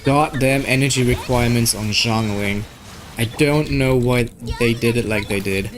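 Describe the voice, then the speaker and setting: A young man from Germany with a German accent, giving casual gameplay commentary, excitable and swearing at the game. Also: medium pitch, normal speed, music in the background. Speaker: gaming streamer.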